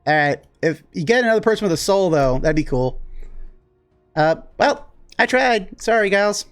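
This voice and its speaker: A man doing a chummy bear-faced demon who runs a cult, talking loose and easygoing in a tabletop game, his voice sitting a little high. Faint music plays behind him. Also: expressive, normal speed, clean tone. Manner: casual, easygoing, recruiting with a shrug. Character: laid-back male bear-faced demon cult leader. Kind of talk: tabletop role-play.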